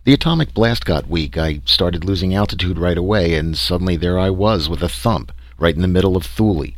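A man's voice: deep voice, fairly quick, no echo. A man voicing a wry, sarcastic explorer recounting his trek. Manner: sarcastic, dry storytelling.

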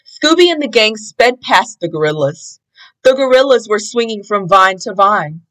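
A woman reading a children's storybook aloud in an expressive, sing-song way. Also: medium pitch, moderate pace, poor audio. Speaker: storybook reader.

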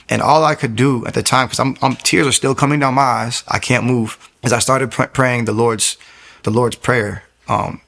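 A man's voice: medium pitch, normal speed, gravelly, fairly bright tone. A young man in his twenties from the United States telling his personal testimony in an earnest, rambling way with many restarts. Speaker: guest sharing testimony. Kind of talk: personal testimony, casual storytelling.

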